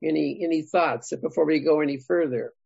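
Bible study leader for a group teaching, gravelly and a bit raspy, muffled lo-fi sound. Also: medium pitch, brisk, a little mellow, no room sound. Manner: thinking aloud, asks the group questions.

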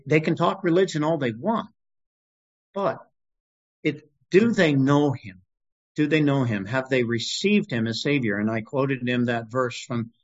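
A middle-aged man teaching a sermon in an informal, animated way, reading scripture aloud. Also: medium pitch. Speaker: pastor. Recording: dull lo-fi recording.

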